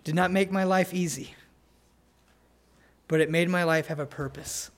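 A man preaching an earnest sermon, telling family stories and pleading gently with listeners to come to faith. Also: fairly high pitch, steady tone. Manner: earnest, pleading, tender pauses. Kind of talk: sermon with altar call.

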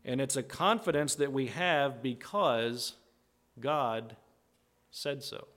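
A man delivers a conversational sermon in a teaching tone, often checking in with "right?" and acting out quoted voices with big pitch jumps. He speaks slowly, and his tone is fairly bright.

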